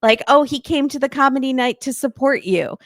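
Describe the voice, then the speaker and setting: A woman guest in a casual reality TV chat, snarky and quick to laugh. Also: sits high, no echo, clean studio sound. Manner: lively, snarky, laughs often. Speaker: guest co-host.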